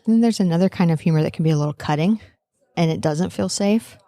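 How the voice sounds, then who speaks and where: A woman's voice: fairly low pitch, quick pace, dark tone, no echo, clean studio sound. A woman hosting a podcast, asking reflective, engaged questions in an interview. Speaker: podcast host. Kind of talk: interview conversation.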